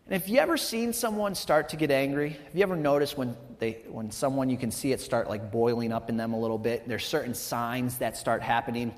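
A man's voice: mid-range voice, fairly quick, few pauses. A man in his thirties, a pastor giving a conversational sermon, telling the story casually and checking in with the congregation with frequent "right?" asides. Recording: long hall reverb.

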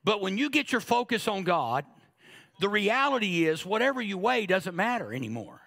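High, gravelly man preaching a sermon. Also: very animated, normal speed, fairly bright tone. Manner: humorous, conversational preaching with acted-out asides. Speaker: pastor.

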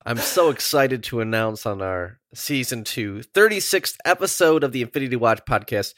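Animated male podcast host. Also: medium pitch, normal speed, no room sound, studio quality. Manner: animated, laughing, rambling asides. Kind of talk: casual chat.

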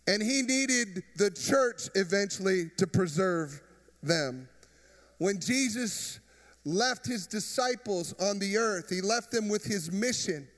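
High-voiced pastor in a reverberant hall. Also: male voice, expressive, slow, fairly bright tone. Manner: conversational preaching with jokes and crowd questions. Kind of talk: sermon. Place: church.

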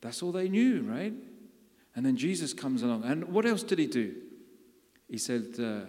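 A man's voice: mid-range voice, big pitch swings, normal speed, long pauses, dark tone. Preacher guy, chatty sermon, keeps asking the room questions, echoey hall. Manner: conversational, asks the congregation questions. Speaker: pastor. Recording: long hall reverb.

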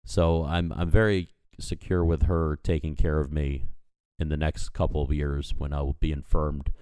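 A man's voice: rumbling low, flat delivery, normal speed, warm tone, clean tone, no room sound. A man in his thirties, a podcast co-host, telling a story in casual chat and animatedly acting out the people in it. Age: 30s.

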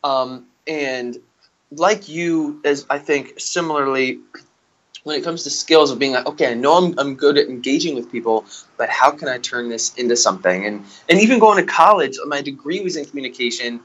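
A man in his twenties co-hosting a podcast, telling stories in casual chat, animated and laughing often. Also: mid-range voice, moderate pace, highs cut off. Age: 20s. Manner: animated storyteller, laughs often, says "dude" and "yo". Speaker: podcast co-host.

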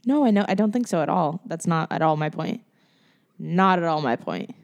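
A woman's voice: lowish voice, lively intonation, moderate pace, creaky, dull audio. A young woman co-hosting a casual podcast, talking chattily with a lot of "like" and laughing often. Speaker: podcast co-host. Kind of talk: casual chat.

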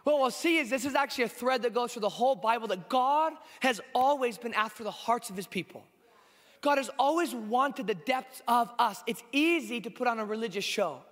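A young man in his twenties preaches a sermon with a hoarse, high voice. He talks in an earnest, conversational way, full of little fillers. The sound rings out with the long reverb of a church hall. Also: expressive, brisk, fairly bright tone. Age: 20s.

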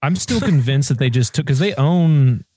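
A young man chats casually, spinning wry theories that he peppers with swearing. His voice is at a middle pitch for a man and is recorded dry and close. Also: animated, normal speed, dark tone, husky, no room sound. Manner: wry, profane storyteller. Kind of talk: casual chat.

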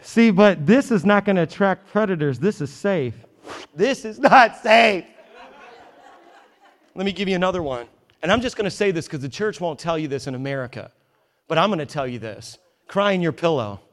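Male pastor, emphatic sermon delivery, wry asides, a touch higher than typical. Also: lively intonation, quick pace. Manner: emphatic, conversational, joking asides. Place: church in New York.

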